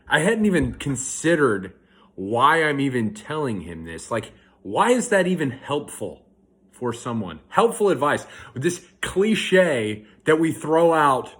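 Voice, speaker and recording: A man's voice: mid-range voice, expressive, unhurried, a bit bright. A young man telling a rambling, self-correcting story in a casual monologue, filmed outdoors at a park. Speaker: vlogger.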